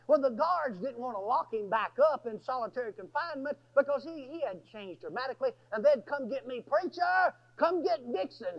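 A high-pitched man preaches in a folksy, storytelling way and breaks into shouts when things heat up. His voice carries gravelly fry, and the recording is dull and lo-fi. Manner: folksy, animated, bursts into shouting. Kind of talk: storytelling sermon.

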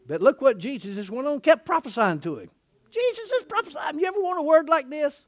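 A middle-aged man preaching a lively sermon in a folksy way. He laughs often, asks his listeners "isn't that right?" and acts out the people in the passage he is reading. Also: extremely high pitch, a little fast. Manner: animated, folksy, laughing often, acting out quotes.

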